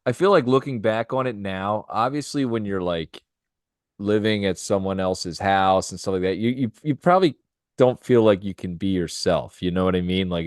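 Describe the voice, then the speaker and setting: A man's voice: on the low side, clear, resonant tone, no room sound, studio quality. A young man co-hosting a podcast in casual chat, rambling with lots of fillers. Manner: rambling, filler-heavy, laughs easily. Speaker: podcast co-host.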